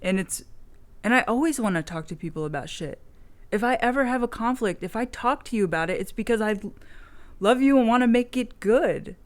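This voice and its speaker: A woman's voice: on the high side, expressive, a little fast. A woman video blogger in casual chat, telling a rambling story frankly and swearing freely.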